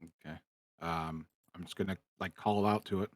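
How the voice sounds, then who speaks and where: A man's voice: sits low, steady tone, moderate pace, no echo. A man casually playing a tabletop game, swearing now and then. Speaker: player.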